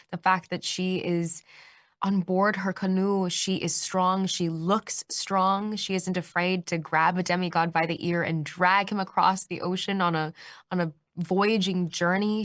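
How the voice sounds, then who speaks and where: A woman in her twenties giving a press interview, bubbly and animated, laughing often. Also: on the low side, no room sound, clean studio sound. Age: 20s. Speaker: actress being interviewed.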